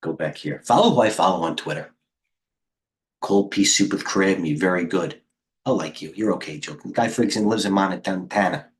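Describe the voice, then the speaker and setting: Middle-aged male trading coach, low-pitched, loose and excitable, riffs on charts to his viewers. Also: normal speed. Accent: New York. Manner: rambling, excitable, chatty with viewers. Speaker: trading coach hosting a livestream. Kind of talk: casual live market commentary.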